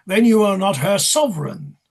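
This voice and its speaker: An actor reading the part of a wry, mocking male clown in a play rehearsal. His voice is gravelly and husky, and he teases and directs the king. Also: high-pitched, lively intonation, normal speed, heavily acted. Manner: teasing, directive, sardonic.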